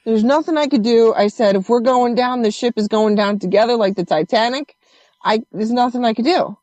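A woman's voice: on the high side, a little fast, no room sound. Swearing woman telling a story. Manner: animated, swearing, acts out quoted voices. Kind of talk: casual storytelling chat.

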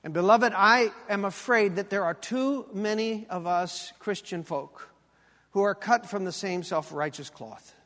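A male pastor preaching a sermon with animated, emphatic delivery and pointed repetition. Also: sits high, measured pace, in a large hall.

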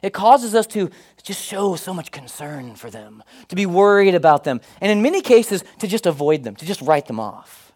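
A man's voice: high-pitched, normal speed, poor audio. A middle-aged male pastor preaching a sermon, telling stories with humor and putting on voices. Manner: animated, humorous storytelling with put-on voices.

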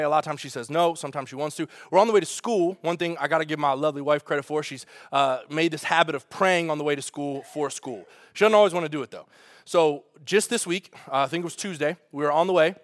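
Animated man preaching a sermon. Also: fairly high pitch, fast, no echo, clean studio sound. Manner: storytelling with humor, animated asides. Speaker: pastor.

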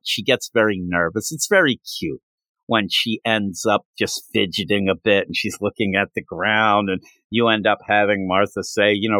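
A man's voice: lowish voice, moderate pace, pushed and bright, no echo. Male podcast host, enthusiastic rambling recap, dead dry recording. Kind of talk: casual manga chapter recap.

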